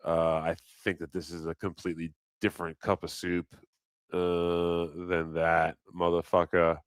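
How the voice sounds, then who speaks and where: A man's voice: sits low, monotone, unhurried, clear, resonant tone, no echo. A man hosting a live stream, chatting casually in a rambling, profane, joking way. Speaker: livestream host. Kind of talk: casual livestream chat.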